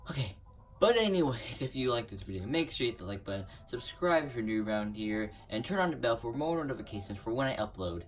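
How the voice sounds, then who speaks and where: A man giving casual commentary over his own gameplay, excitable and prone to groaning and pleading at the game. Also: mid-range voice, quick pace, distant mic, slight background noise. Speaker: gaming YouTuber. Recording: voice a bit off-mic over loud game music. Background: video game music.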